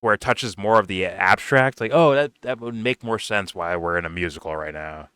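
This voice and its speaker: A young man talks through a film review in a loose, rambling way, swearing and laughing between thoughts. His voice sits a little low but comes out bright and crisp. The sound is dry and close, with no room around it. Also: moderate pace, no echo. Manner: rambling, profane, laughs often, lots of fillers. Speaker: movie reviewer. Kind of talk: casual spoken film review.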